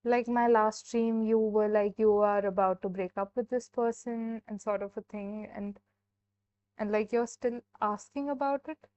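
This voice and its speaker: A young woman gives a casual live-stream tarot reading, chatting in a relaxed way and filling her sentences with "like". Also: mid-range voice, a little slow, smooth, no echo. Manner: chatty, heavy use of "like" and fillers. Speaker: tarot reader. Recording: dull, dry sound.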